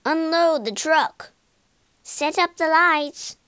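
A woman's voice: fairly high pitch, very animated, slow, vocal fry, darkish tone, no room sound, clean studio sound, full character voice. A woman voicing a vain male ghost lord in a storybook reading, bossy and boastful.

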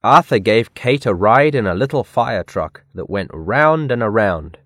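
A man reading a children's picture book aloud in a careful, clear read-aloud manner. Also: on the low side, animated, measured pace, a bit bright, dry recording, studio quality. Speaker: storybook reader. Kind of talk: scripted narration of a children's story.

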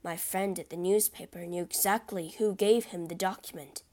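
A woman voicing a worried male journalist who speaks gravely and steadily. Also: lowish voice, steady tone, moderate pace, a little mellow, close to an everyday voice. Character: worried journalist friend, a man.

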